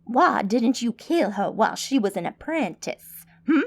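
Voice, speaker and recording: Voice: medium pitch, very animated, measured pace, gravelly, full character voice. A woman narrator voicing a contemptuous mage who speaks in an accusing, disgusted tone, in an audiobook.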